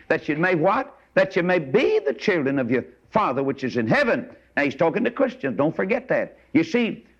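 A man delivers a sermon in a folksy, emphatic style, often throwing rhetorical questions at his listeners. His voice sits a little higher than most men's. The recording is muffled and lo-fi, like an old sermon tape. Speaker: preacher.

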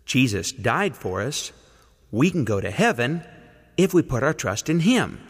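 A man preaching, slowly leading listeners through a call-and-response gospel lesson. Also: medium pitch, big pitch swings, breathy edge, big-room sound. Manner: slow, coaxing, leads the listeners to repeat each phrase.

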